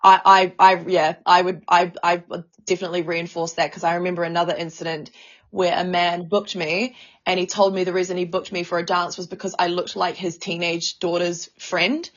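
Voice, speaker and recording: On a casual podcast, this female co-host talks with real feeling, though her lowish voice comes across flat at a normal speed. She stammers and swears a lot, and the audio is dull.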